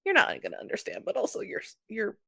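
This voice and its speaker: A woman co-hosting a podcast in casual chat, telling stories in an animated, chatty way with lots of "like". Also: medium pitch, fast talker, gravelly, breathy edge, no room sound, clean studio sound. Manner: chatty, animated storytelling, frequent "like". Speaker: podcast co-host.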